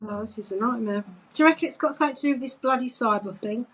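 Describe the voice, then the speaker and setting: A woman co-hosting a podcast on a video call, quick to react and tease in a casual chat. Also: a little high, breathy edge, poor audio. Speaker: podcast co-host.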